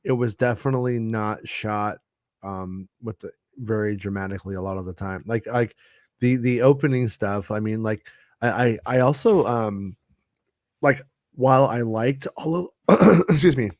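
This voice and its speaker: Casual podcast host: a deep-voiced man, halting, dry close mic. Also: no echo. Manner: hesitant, many restarts and fillers. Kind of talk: casual chat.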